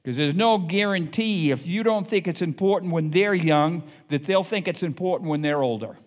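A man's voice: on the high side, normal speed, in a large hall. An older man preaching a sermon as pastor, telling homespun stories and then pressing his point hard. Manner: folksy and anecdotal, rising to emphatic exhortation. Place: church sanctuary.

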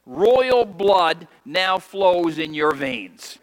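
A pastor preaches a sermon, reading scripture aloud in archaic wording and having the congregation repeat lines after him with emphatic delivery. His high, sing-song voice moves very slowly through a long hall reverb.

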